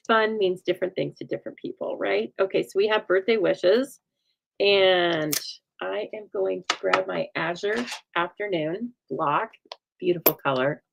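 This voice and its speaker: A woman hosting a live card-making demo, chatting warmly with viewers as she stamps. Her voice sits fairly low and carries a gravelly edge of vocal fry. She keeps up a folksy, running commentary. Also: low-quality recording. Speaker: craft show host.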